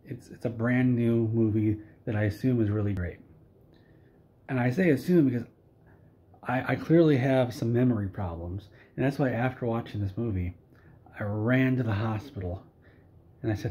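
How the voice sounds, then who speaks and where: A man rants sarcastically with a straight face, playing it mock-earnest and tripping over repeated words. His voice is mellow and warm. The recording sounds dull and lo-fi. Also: mid-range voice, fairly quick. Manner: deadpan and mock-earnest, with stammered restarts. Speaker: video creator. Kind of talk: sarcastic comedic movie rant.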